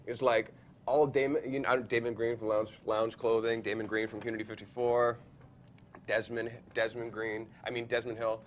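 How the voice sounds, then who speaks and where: A man in his forties, a photographer, telling stories as a podcast guest, acting out quotes with big jumps in pitch and frequent laughs. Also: flat delivery, normal speed, slight background noise. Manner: acts out quoted voices, jumps high in pitch, laughs often, many filler likes. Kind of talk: animated storytelling in a podcast interview. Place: podcast studio.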